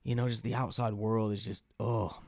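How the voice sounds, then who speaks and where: A man's voice: on the low side, level tone, moderate pace, creaky, a little mellow, no echo, clean studio sound. A young man from the American Midwest, hosting his own show in a loose, rambling chat full of fillers and swearing. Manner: rambling, profane, lots of fillers. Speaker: podcast host. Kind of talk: casual solo chat.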